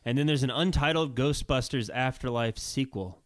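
A man co-hosting a podcast, wry and quick to laugh in casual chat. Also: mid-range voice, no room sound, studio quality. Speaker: podcast co-host.

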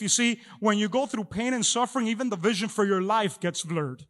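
A man's voice: high-pitched, a bit bright. A middle-aged man preaching a sermon as pastor, often repeating words as he talks. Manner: halting with many repeated words. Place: church hall. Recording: long echo of a large hall.

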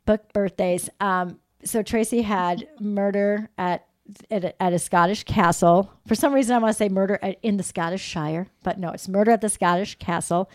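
A woman's voice: medium pitch, steady tone, normal speed, dry recording, clean studio sound. A woman hosting a podcast, chatting casually and bubbly, laughing often and restarting her sentences. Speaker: podcast host. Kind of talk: casual, giggly interview chat.

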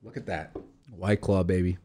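Lowish-voiced young man rambling profanely. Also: fairly even intonation, normal speed, noisy background. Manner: rambling, profane, with many restarts and fillers. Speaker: podcast co-host. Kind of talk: casual chat.

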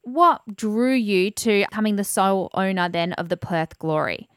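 A woman's voice: medium pitch, animated, normal speed, clean tone, no echo, clean studio sound. A woman interviewing a guest on radio, asking direct, prepared questions.

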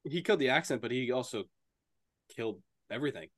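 A man's voice: mid-range voice, animated, fast talker, fairly bright tone. A man co-hosting a casual movie review podcast, giving blunt, opinionated takes. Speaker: podcast co-host.

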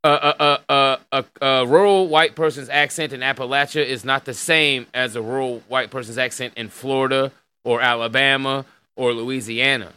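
A man hosting a podcast over an online call, talking in a loose, crude way and stopping often to comment while he reads an article aloud. His voice sits in a middle pitch and sounds bright and forward. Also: steady tone, moderate pace, clean tone, no room sound, poor audio. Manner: loose and crude, with fillers and laughs. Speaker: podcast host. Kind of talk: casual profane chat, reading an article aloud.

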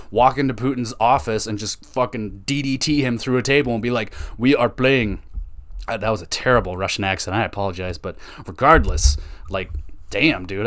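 A man's voice: mid-range voice, a bit bright. Canadian man in a profane hockey rant. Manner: profane, exasperated, ranting. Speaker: podcast host. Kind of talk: casual solo podcast rant.

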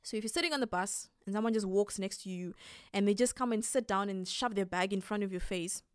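A woman hosting a casual advice monologue, animated and quick to laugh as she acts out little scenes. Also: mid-range voice, smooth, no room sound, clean studio sound. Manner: animated, acts out quoted reactions, laughs often. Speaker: podcast host.

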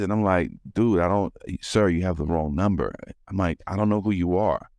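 A man hosting a podcast, telling a story in casual, profane, animated chat. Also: deep voice, a little fast, few pauses, no room sound, clean studio sound. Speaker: podcast host.

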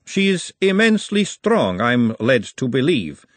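A poised, coolly clever woman with a husky edge who speaks with crisp, formal precision, as a male reader puts her on. Her voice rises well above the reader's own and moves in a lively way, recorded close and dry. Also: mid-range voice, unhurried, no room sound. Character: refined, cool, clever middle-aged woman.

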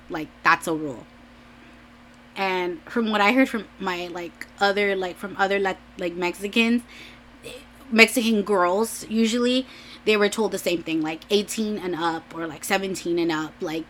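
A woman's voice: mid-range voice, fairly bright tone, a little hiss or hum. A young adult woman vlogger chatting casually, rambling with lots of "like"s and restarts, and often laughing. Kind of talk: casual chat.

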